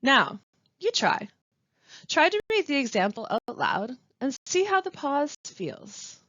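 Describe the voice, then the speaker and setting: A woman teaching pronunciation in a scripted webinar, speaking slowly and carefully with deliberate pauses. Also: sits high, sing-song, fairly bright tone, no echo. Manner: slow, careful, deliberate delivery with clear pauses. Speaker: language support specialist. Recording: dry, dull lo-fi voice-over.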